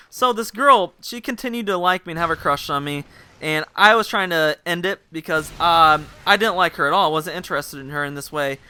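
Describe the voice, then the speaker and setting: Bright, sharp-voiced young man rambling. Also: a little high, fairly quick, clear, resonant tone. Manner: chatty, rambling, laughs at himself. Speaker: vlogger. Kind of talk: casual storytelling.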